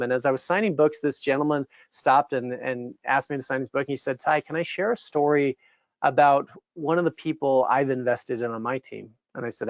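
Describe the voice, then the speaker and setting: A man giving a motivational speech, telling stories in an animated way and voicing the people he quotes. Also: medium pitch, no echo. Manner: animated storyteller, voices quoted characters. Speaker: keynote speaker. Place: event venue. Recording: dull, slightly muffled dry recording.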